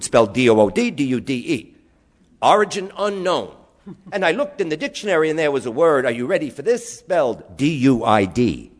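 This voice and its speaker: New york guy telling stories to a crowd, voice jumps all over, kinda high. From New York, USA. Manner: lively, spells words out, acts out relatives' voices. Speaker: storyteller speaking to an audience. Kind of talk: animated storytelling talk.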